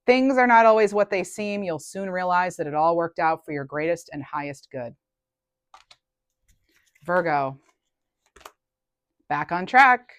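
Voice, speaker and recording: A woman's voice: lowish voice, a little slow, long pauses, no room sound. A woman giving a casual collective tarot reading, chatty and thinking aloud, often trailing off and restarting. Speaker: tarot reader.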